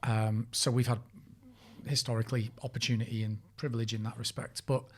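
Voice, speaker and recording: A man's voice: mid-range voice, fairly quick. A middle-aged British man, an actor co-hosting a podcast, telling a meandering story full of restarts and the odd swear. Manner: rambling storyteller, many restarts, swears when animated. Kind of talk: casual chat.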